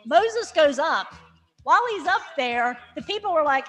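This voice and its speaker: A woman teaching a Bible lesson with lively, sarcastic humor, acting out the characters as she goes. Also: sits high, a little slow, faint music behind. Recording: reverberant hall.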